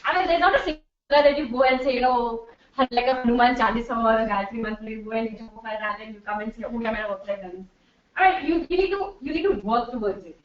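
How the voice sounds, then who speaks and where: A woman's voice: a little high, quick pace, a crowd in the background. A middle-aged woman giving a chatty workshop talk to a live audience as a corporate trainer, slipping into Hindi and laughing often. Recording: distant, dull, echoey room.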